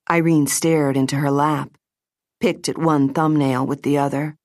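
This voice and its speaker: A woman reads an audiobook aloud, her deep voice measured and even. The studio-quality recording carries no room sound.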